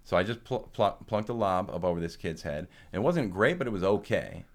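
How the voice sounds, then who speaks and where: A man with a very deep voice tells a story in a relaxed, chatty way. He swears freely, laughs along and often restarts his sentences. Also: brisk. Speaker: podcast co-host. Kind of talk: casual storytelling chat.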